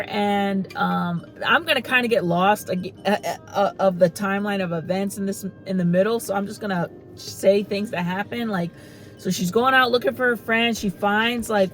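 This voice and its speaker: A woman's voice: mid-range voice, poor audio. A woman in her thirties giving a casual spoken movie review, rambling and chatty with lots of "like" and "you know". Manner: chatty storytelling, heavy use of "like" and "you know".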